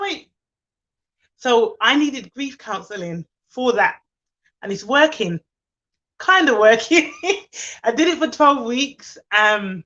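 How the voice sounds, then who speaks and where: A woman's voice: lowish voice, a bit bright, dull audio. A woman hosting a live stream, talking candidly and from the heart to her viewers and reading out their comments. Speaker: livestream host. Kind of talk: casual live chat to viewers.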